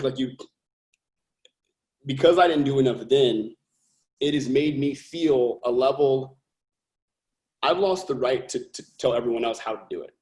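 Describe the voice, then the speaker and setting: A man's voice: mid-range voice, darkish tone. A man from California, a company founder being interviewed, talking earnestly and emphatically and thinking aloud with restarts. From California, USA. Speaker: company founder and CEO, guest. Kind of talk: podcast interview. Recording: roomy echo.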